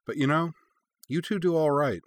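A man reading the lines of a warm, teasing woman with a dry, deadpan humor, in a read-aloud story. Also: on the low side, normal speed. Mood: fond teasing. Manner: fond, wry, deadpan humor. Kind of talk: read-aloud fan fiction.

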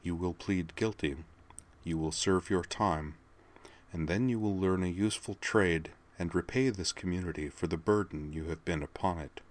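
A man voicing a young female vigilante who speaks quietly and slowly with cold menace. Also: low voice. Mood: menacing. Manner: quiet, slow and threatening.

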